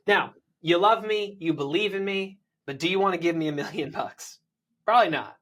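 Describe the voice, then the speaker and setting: A man from the United States, a land investor and podcast guest, coaching on sales in an energetic, persuasive way and often checking in with "right?". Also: a little high, brisk. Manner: energetic, persuasive, lots of "right?" tag questions.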